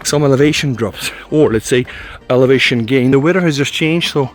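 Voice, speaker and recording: A man's voice: medium pitch, brisk. Guy talking while hiking outdoors, a bit winded, chatty, keeps saying guys, faint music under it. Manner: chatty, addresses viewers as guys. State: out of breath from fast walking. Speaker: tech reviewer. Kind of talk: casual walk-and-talk review. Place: outdoors on a forest trail.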